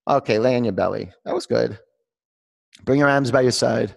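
Gravelly-voiced man leading a yoga class. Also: medium pitch, moderate pace, big-room sound. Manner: calls out poses and counts, joking with students. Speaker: yoga instructor. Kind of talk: live yoga class instruction. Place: yoga studio, large room.

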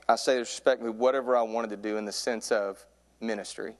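A man in his thirties preaching a sermon from a church pulpit, telling a comic story and getting louder and higher as it builds. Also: a little fast. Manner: animated storyteller, voice climbs high in excitement. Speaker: youth pastor preaching.

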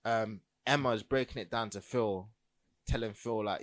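A man's voice: on the low side, moderate pace. A young man, co-hosting a casual podcast chat, enthusiastic and full of slang. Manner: enthusiastic, slangy, builds up scenes. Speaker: podcast co-host.

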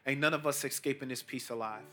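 A middle-aged pastor and team chaplain preaches at a quick pace in a bright, forceful tone, over soft background music. He leans on casual slang and lifts his voice emphatically on key points.

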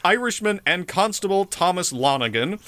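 A man's voice: sits high, moderate pace. A man co-hosting a podcast, telling a story in a casual, comedic way, laughing often and swearing. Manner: animated, laughing, profane. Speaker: podcast co-host.

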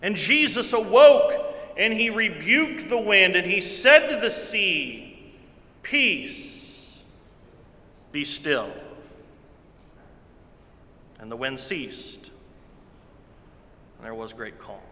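A man preaching a sermon in earnest tones, repeating phrases and swinging from loud to hushed. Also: high-pitched, very animated, takes it slowly. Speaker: pastor. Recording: long hall reverb.

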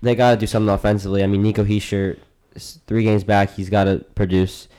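Earnest low-voiced male co-host. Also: level tone, fast, dark tone. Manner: earnest, repeats himself, stammers. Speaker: podcast co-host. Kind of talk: casual sports betting chat.

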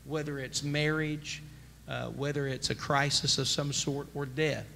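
A man preaching a sermon as pastor, emphatic and rising to near-shouts. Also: medium pitch, flat delivery, measured pace, vocal fry. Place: church sanctuary. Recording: church sanctuary with long reverb, faint noise.

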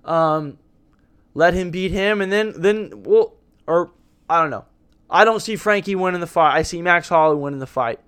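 A young man hosting a podcast, rambling excitably and swearing freely. His voice sits a little high for a man and comes across smooth and clear. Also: normal speed. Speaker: podcast host. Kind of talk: casual fight-talk podcast monologue.

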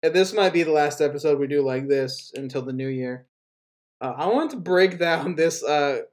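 A male podcast host with a fairly high voice chats casually. He jokes and swears a lot, and he mimics the people he talks about. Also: moderate pace. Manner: joking, profane, quotes people in mock voices.

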